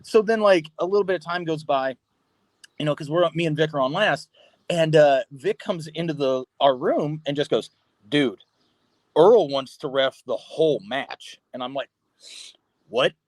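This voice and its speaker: A man, a guest on a podcast, tells a story in a casual, animated way, laughing often and swearing freely. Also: on the high side, moderate pace, no room sound. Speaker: podcast guest, pro wrestler. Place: podcast studio.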